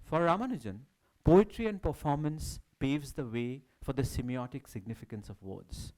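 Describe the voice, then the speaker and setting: A man reading a prepared academic talk at a symposium, with a measured, declamatory delivery. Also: medium pitch, expressive, a little mellow, rough recording. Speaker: academic speaker. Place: symposium hall.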